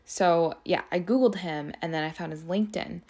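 A young woman hosts her own podcast and tells a story in casual chat. Her voice sits low and has a gravelly fry. She talks in an animated way, says "like" constantly and swears freely. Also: moderate pace. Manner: animated, swears often, lots of "like". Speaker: podcast host.

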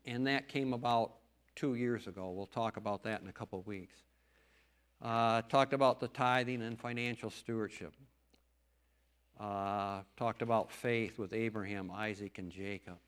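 A man's voice: on the low side, steady tone, normal speed, a bit bright, smooth. A middle-aged man, a farmer and lay preacher, giving an earnest, folksy testimony talk in church with emphatic stresses.

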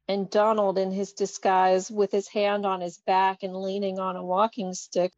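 A woman speaks slowly and with amusement as she retells a comic scene. The sound is dull and lo-fi, with a dry, close feel. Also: mid-range voice, little pitch movement, darkish tone, no echo. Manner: amused, laughs often. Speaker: podcast co-host. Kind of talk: casual chat, reading comic dialogue aloud.

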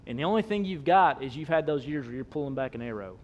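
A man, preaching a sermon, swinging between loud emphasis and soft low asides. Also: lively intonation, fast talker. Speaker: pastor.

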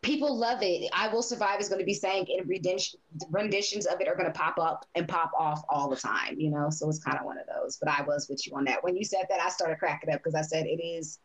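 A woman's voice: fairly low pitch, fast talker, hardly any pauses, low-quality recording. A woman co-hosting a casual movie review podcast, telling stories with lots of laughter and swearing. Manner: animated, laughing, profane storytelling. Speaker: podcast co-host.

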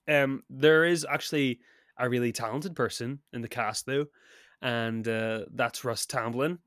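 A man's voice: medium pitch, slow pace, pauses often, fairly bright tone, dry recording, studio quality. Man rambling through a film review. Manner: rambling, laughs often, many restarts. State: sick. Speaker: podcast co-host. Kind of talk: casual film review chat.

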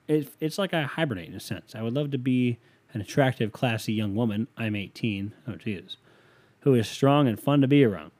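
A young man in his twenties chats casually on his podcast, reading out a listener's letter and reacting to it. His voice sits at a middling pitch, and he drifts into profane, joking asides as he gives advice. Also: darkish tone. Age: 20s. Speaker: podcast host.

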